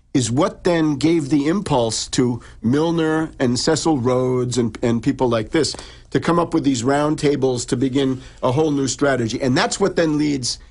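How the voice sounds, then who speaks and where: Husky man lecturing in halting restarts. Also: fairly high pitch, a little mellow. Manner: long halting explanations with many restarts. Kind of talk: lecturing conversation.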